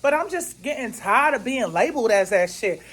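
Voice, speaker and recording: A woman's voice: fairly high pitch, animated, normal speed, fairly bright tone, breathy edge, low-quality recording. A woman vlogger telling a story at home in her kitchen while she cooks, venting with indignation and plenty of slang. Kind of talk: casual storytime vlog while cooking.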